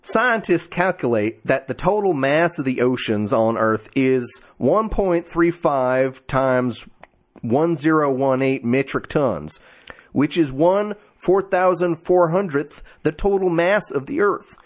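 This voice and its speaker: A man's voice: on the high side, lively intonation, slow pace. Man putting on a Southern drawl, reading aloud. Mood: mock-folksy. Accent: put-on American Southern.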